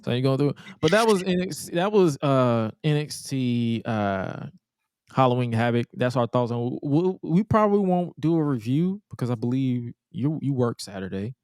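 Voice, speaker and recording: A man's voice: mid-range voice, expressive, normal speed, darkish tone, clean tone, no echo. A young man co-hosting a wrestling podcast in loose casual chat, slangy and given to repeating himself. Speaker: podcast co-host.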